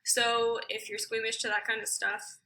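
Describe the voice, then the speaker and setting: A young woman casually narrating a film comparison, relaxed with a few fillers. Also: a little high, normal speed, low-quality recording. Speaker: video essay narrator. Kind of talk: casual film analysis commentary.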